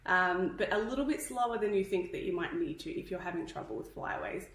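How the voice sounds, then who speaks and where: A woman's voice: on the low side, animated, fairly quick, fairly bright tone, reverberant, low-quality recording. Chatty woman teaching hairstyling, a bit breathless. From Australia. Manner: chatty, instructive, checks in with "okay?". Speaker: hairdressing educator. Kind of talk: live tutorial.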